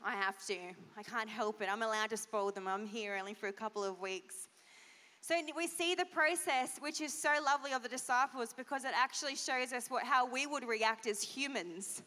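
A woman pastor giving an animated children's sermon, asking the kids questions. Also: on the high side, moderate pace. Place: church hall. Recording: long church hall reverb.

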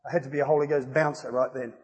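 A man preaching an evangelistic sermon, emphatic and rising to loud exclamations. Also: mid-range voice, fairly even intonation, very fast, slightly rough. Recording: reverberant hall.

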